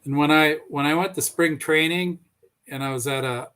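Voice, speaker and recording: A man's voice: a little high, moderate pace, fairly bright tone, clean tone. A man chatting in a friendly way and telling anecdotes, with an occasional chuckle. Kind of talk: casual chat, storytelling.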